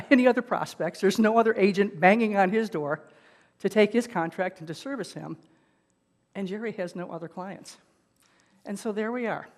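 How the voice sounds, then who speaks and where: A woman pastor preaching a sermon, retelling a film scene in an animated storytelling manner. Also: mid-range voice, big-room sound. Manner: animated, rising and falling in loudness.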